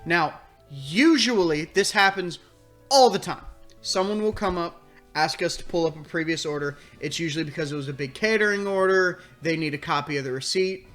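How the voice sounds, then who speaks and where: Guy narrating his let's play, higher voice, fired up and cussing, casual. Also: moderate pace, faint music behind. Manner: animated, exasperated, swears freely. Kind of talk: casual storytelling commentary.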